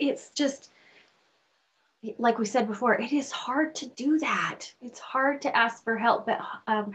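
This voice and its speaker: A woman's voice: fairly high pitch, dull audio. A woman host interviewing a guest, affirming and reflective. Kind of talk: interview conversation.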